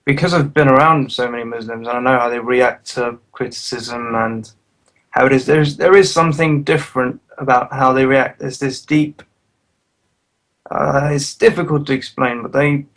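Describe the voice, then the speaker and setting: Gravelly man with a flat voice. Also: medium pitch, poor audio. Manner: halting, searching for words. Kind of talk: casual chat.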